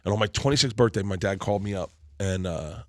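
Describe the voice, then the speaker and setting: A man's voice: low voice, fast talker, dry recording. Dry-sounding rambling comedian man. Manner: rambling, animated storyteller with restarts. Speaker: comedian guest. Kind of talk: casual interview storytelling.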